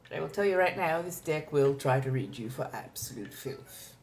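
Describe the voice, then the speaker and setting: Reading tarot live from home, this Southern California woman chats casually with a theatrical, drawn-out delivery, calling her viewers darlings. Her voice is deep, animated, and darkish in tone, with a little hiss or hum in the audio.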